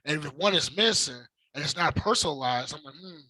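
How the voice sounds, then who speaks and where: Man from Texas, emphatic co-host, bright voice, dry close sound. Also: a little high, lively intonation, fairly quick, slightly rough, dry recording, low-quality recording. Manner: explains point by point, emphatic. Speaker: podcast co-host. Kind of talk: casual chat.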